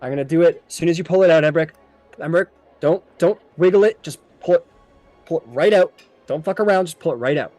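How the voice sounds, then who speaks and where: Fussy wood elf healer woman voiced by a man, soft-spoken and hesitant, for a tabletop game. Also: a little high, no echo, faint music behind, lightly acted. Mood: brisk. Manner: hesitant, halting speech. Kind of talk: tabletop role-play.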